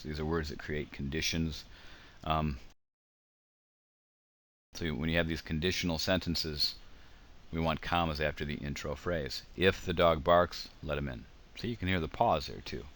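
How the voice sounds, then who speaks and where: A man's voice: a bass voice, fairly bright tone. A man giving a casual grammar lecture over slides, explaining with examples and frequent ums. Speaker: teacher.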